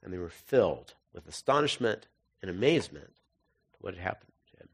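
A man's voice: sits low, sing-song, fairly quick, gravelly, husky. A man giving a sermon as pastor, reading scripture and then breaking into jokey, conversational asides.

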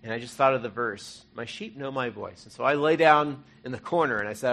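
A man preaching an Easter sermon, earnest and conversational, rising to loud emphasis and dropping to hushed, soft moments. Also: mid-range voice, a little fast. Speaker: pastor.

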